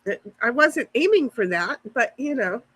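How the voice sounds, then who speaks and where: Brief: woman livestream host, high and husky, rambling backyard chat with viewers into a phone. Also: very animated, moderate pace, a bit bright, poor audio. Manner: rambling, answers live chat comments. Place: outdoors in a backyard.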